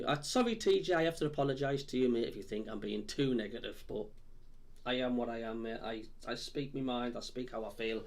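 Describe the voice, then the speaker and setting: A man with a Sunderland (Mackem) accent, streaming live as a football fan, reading out viewer comments in a blunt, frustrated, deflated way with lots of ums. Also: mid-range voice. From Sunderland, England.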